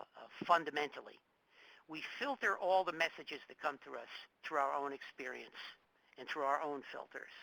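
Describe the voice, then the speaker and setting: A man's voice: fairly high pitch, bright, forceful tone, no echo, rough recording. A middle-aged man with a New York accent giving a public lecture, emphatic and often repeating words as he searches for the next one. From New York metropolitan area.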